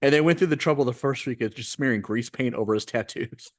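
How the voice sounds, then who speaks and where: A man's voice: medium pitch, fast talker, a crowd in the background. A man co-hosting a podcast, making dry wisecracks in casual chat. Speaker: podcast co-host.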